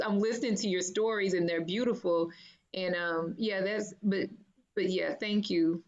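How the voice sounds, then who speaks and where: A woman's voice: on the low side, fairly even intonation, a little slow. A woman on a group video call, holding back tears as she responds with thanks. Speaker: podcast host guest. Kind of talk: casual chat.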